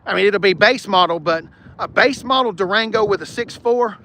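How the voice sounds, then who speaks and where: A man running a car channel hosts a live outdoor car-lot stream in a high-pitched, pushed, bright voice at normal speed. He talks bluntly and jokes with his viewers; no external mic is used, and wind strikes the mic.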